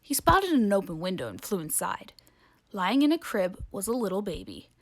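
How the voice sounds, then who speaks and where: A woman reading a children's picture book aloud with playful, expressive narration. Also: medium pitch, normal speed. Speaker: storybook reader.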